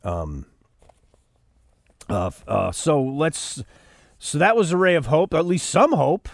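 A man's voice: on the high side, huge pitch swings, slow, creaky, no echo. A man hosting an opinionated news commentary show, sarcastic and preachy, rising to fiery outbursts. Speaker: radio host.

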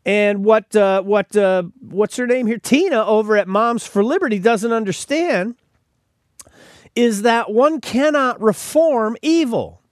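A man's voice: sits high, unhurried, no echo, studio quality. A man hosting a podcast, delivering emphatic opinionated commentary and often repeating words as he starts sentences. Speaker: podcast host.

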